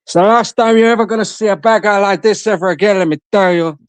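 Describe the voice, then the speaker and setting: High-voiced taunting man. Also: fast, clear, resonant tone, no room sound. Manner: taunting, trash-talking, boastful; repeats himself, mocking. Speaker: live stream guest. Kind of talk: casual stream chat.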